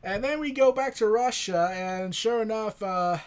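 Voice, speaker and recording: A man recapping a comic issue in a casual, rambling, excitable way with many fillers. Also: sits high, unhurried, clean tone. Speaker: comic book reviewer.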